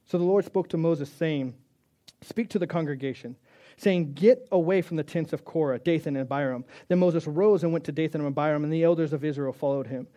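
Dramatic preacher, slightly high voice. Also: male voice, brisk. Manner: dramatic, acts out quotes of God and Moses, shifts loud to soft; casual asides mixed with scripture reading. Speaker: pastor. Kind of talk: sermon.

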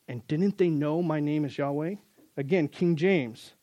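A man's voice: fairly high pitch, unhurried, mellow, lo-fi sound. A man with a slightly raised voice preaches a conversational sermon, pressing his points with emphasis and talking to his listeners as guys. The sound is dry and close, with no room echo. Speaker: pastor.

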